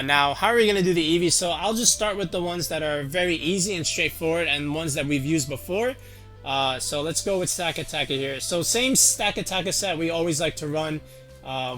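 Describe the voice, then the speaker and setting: A man's voice: a little high, fairly bright tone. A man casually walking through a game teambuilding tutorial, rambling with lots of fillers and restarts. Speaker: competitive game YouTuber.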